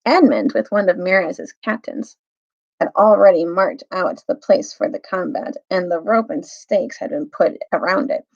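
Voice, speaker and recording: A woman reads a storybook aloud to children, in a lively voice with a gravelly edge, and stops now and then to explain words. The recording is dull and lo-fi. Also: lowish voice. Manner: pauses to explain words to young listeners. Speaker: teacher reading aloud.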